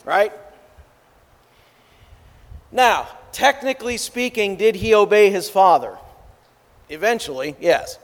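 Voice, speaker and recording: Male preacher, sermon, slow and deliberate with stressed key words. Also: sits high, animated, long reverb tail. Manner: measured, emphatic delivery.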